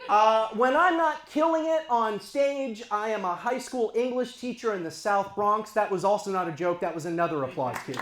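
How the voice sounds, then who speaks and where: A man's voice: sits high, moderate pace, few pauses, reverberant. A man in his forties from eastern Los Angeles County doing a stand-up comedy set on a club stage, talking to the crowd in a conversational, self-deprecating way. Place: comedy stage before a live audience.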